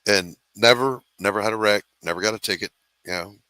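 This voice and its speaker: A man's voice: lowish voice, brisk, sharp tone. A middle-aged man hosting a casual live stream, telling laid-back stories and laughing often. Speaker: host.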